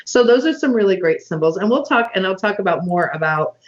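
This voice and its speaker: A woman hosting a casual online conversation, listing items slowly with many fillers over a video call. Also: mid-range voice, expressive, highs cut off. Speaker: podcast host.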